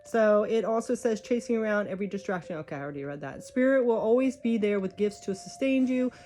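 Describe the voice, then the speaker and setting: A woman's voice: mid-range voice, expressive, fast, dark tone, a little hiss or hum. A woman reading oracle cards, chatty and encouraging, thinking aloud as she goes. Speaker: tarot card reader. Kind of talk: spiritual card reading. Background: faint music.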